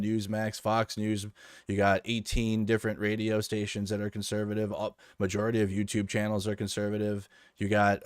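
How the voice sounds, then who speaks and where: Male streamer reacting to news, fairly low voice, dry close mic, sarcastic and rambling. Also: clean tone, dry recording. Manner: sarcastic, rambling, with frequent restarts. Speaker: political commentary streamer. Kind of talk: casual reaction commentary.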